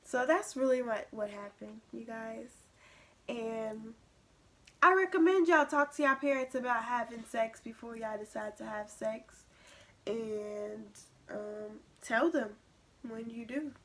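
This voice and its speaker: A young woman vlogger telling a personal story in a casual, animated way, acting out what others said. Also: fairly high pitch, unhurried. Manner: animated retelling, acting out quoted lines.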